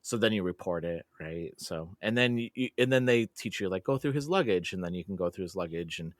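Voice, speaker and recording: A man's voice: low-pitched, expressive, a little fast, no room sound, studio quality. A man hosting a podcast, chatting casually and telling a story with laughs and lots of filler words. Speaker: podcast host.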